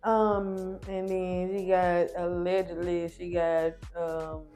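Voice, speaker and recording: A woman casually recapping a reality TV episode, chatty and opinionated, retelling scenes quickly. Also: fairly low pitch, level tone, mellow, soft background music.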